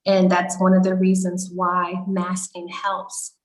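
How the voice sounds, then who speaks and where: A woman's voice: lowish voice, completely flat delivery, slow pace. A woman doctor on a video call town hall, explaining health guidance in a reassuring way. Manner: reassuring, explanatory, frequent "you know". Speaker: doctor panelist.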